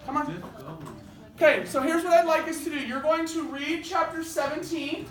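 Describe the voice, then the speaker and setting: A man's voice: very high voice, normal speed, a bit bright. A male teacher leading a classroom lesson, directing students and calling on them by name. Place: school classroom. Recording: very echoey classroom from far off, noisy.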